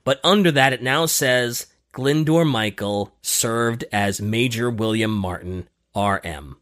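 A man's voice: mid-range voice, slow pace, fairly bright tone. A man hosting a podcast, telling a story in casual chat with many fillers. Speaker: podcast host.

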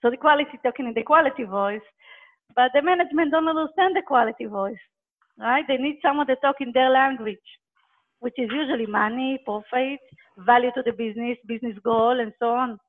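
A fairly high-voiced woman answers interview questions over a thin, phone-like call connection. She talks earnestly and hammers her points home by repeating phrases. The audio is narrow and tinny throughout. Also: fairly quick. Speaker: guest expert on quality management.

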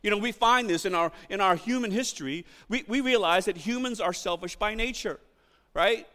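A middle-aged man preaching a sermon, animated, acting out quotes and shouting for emphasis. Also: high voice, moderate pace, in a large hall. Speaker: pastor.

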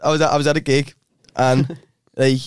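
A man's voice: medium pitch, little pitch movement, normal speed, clean tone, no echo, clean studio sound. A young man telling a rambling story on a podcast, often restarting his sentences and laughing as he goes. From Liverpool, England. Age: young adult. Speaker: podcast co-host. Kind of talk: casual storytelling chat.

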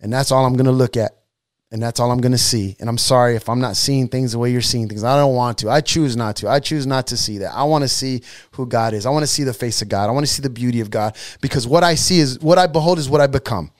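A man's voice: mid-range voice, fast, no room sound, clean studio sound. A man preaching a sermon, impassioned and street-casual, repeating lines for emphasis.

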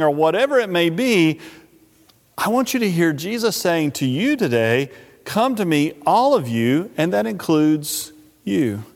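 A male pastor preaches in a church sanctuary, his voice sitting a little high. He speaks earnestly and without hurry, often easing into a slow, soft tone. A long reverb from the hall trails after his words. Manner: earnest, unhurried preaching that drops soft and slow when voicing invitations. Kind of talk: sermon.

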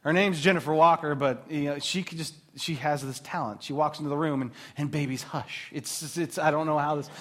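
Speaking at a Christian mothers' gathering, a man in his thirties gives a faith talk full of wandering personal stories, laughing at himself warmly as he goes. His voice is slightly high, he talks fairly fast, and he barely pauses.

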